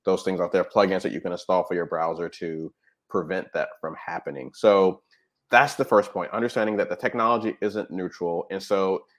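A man's voice: low voice, fairly even intonation, brisk. A man talking as a guest expert in a conversational interview, explaining patiently and often checking in with "right?" and "you know". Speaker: guest expert on technology habits.

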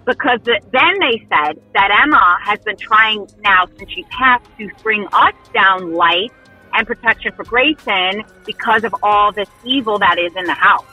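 A woman telling a spooky personal story in casual chat, animated and breathless. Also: medium pitch, moderate pace, breathy edge, muffled recording, faint music behind. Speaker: storyteller recounting a haunting.

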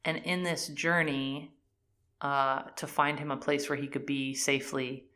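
A woman's voice: a bass voice, little pitch movement, unhurried, fairly bright tone. A woman in casual chat, animatedly retelling a TV series' plot and acting out the characters' lines with many "like"s. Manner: frequent fillers "like" and "um".

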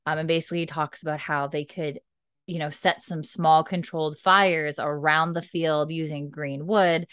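Woman with a low, dry voice, recapping. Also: steady tone, a bit bright, clean tone, dry recording. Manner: acts out characters' lines in quick voices. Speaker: podcast host recapping an episode. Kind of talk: casual chat, recapping with quoted lines.

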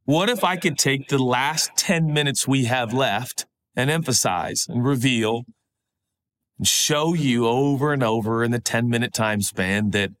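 A middle-aged man preaching a sermon, conversational, swinging between animated high stretches and hushed, low pleading. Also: unhurried. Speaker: pastor.

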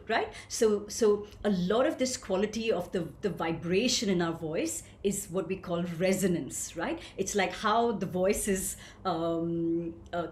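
Animated woman coaching a group on voice. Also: medium pitch, reverberant. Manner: animated, asks the group questions and answers them. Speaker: voice coach leading a workshop. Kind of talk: live online workshop teaching.

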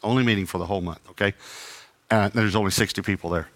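A middle-aged traveling preacher tells a sermon story in a fairly low but bright and forceful voice, talking fast. He animatedly plays both sides of the dialogue and uses self-deprecating humor.

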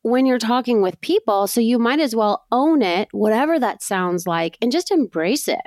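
A woman's voice: a little high, lively intonation, normal speed, a little mellow, dry recording, studio quality. A woman co-hosting a podcast interview, talking in a conversational, affirming way. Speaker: podcast co-host.

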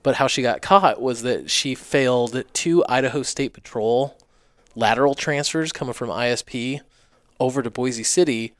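A man in his thirties spins animated, profane stories in a podcast chat. His voice is smooth and resonant, recorded close and dry, with no room around it. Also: mid-range voice, normal speed, no room sound. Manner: animated, profane, quotes himself and others. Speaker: guest, barber and business owner. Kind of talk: casual storytelling in conversation.

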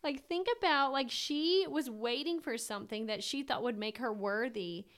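A woman's voice: fairly high pitch, normal speed, fairly bright tone. A woman co-hosting a casual faith chat, talking in an emotional, gushing way. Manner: emotional, gushing, tearful at times.

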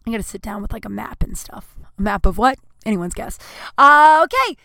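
A woman's voice: a little high, expressive, a little fast, creaky, sharp tone, no echo, clean studio sound. A young adult woman hosting her own podcast, telling candid stories in a rambling way with many ums and self-deprecating asides. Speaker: podcast host. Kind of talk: casual solo podcast storytelling.

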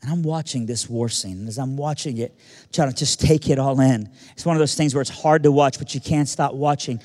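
Earnest American male speaker, mid-pitched, telling a story to a room with a long, echoing tail. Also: brisk, darkish tone. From United States. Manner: earnest, vivid retelling with repetitions. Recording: long reverb of a large hall.

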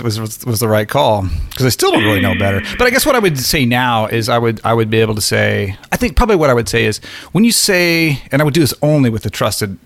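A middle-aged man hosting a casual conversation, reflective and halting, often restarting his sentences. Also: medium pitch, fairly bright tone, no echo.

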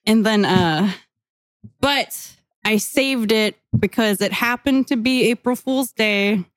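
A woman's voice: a little high, slow, no room sound. A woman in her twenties co-hosting a casual podcast, rambling with lots of fillers and frequent laughter. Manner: giggly, rambling with many fillers. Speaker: podcast co-host. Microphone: podcast mic.

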